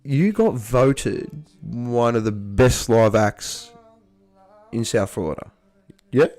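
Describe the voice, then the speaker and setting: A man's voice: mid-range voice, takes it slowly, darkish tone. A man hosting a casual chat, enthusiastic and rambling with many restarts. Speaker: livestream host. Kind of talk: casual interview chat over beers.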